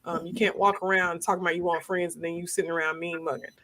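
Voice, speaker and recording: A woman hosting a casual live-stream chat, animated and quick to laugh, her voice jumping high when she jokes. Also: slight background noise. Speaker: host.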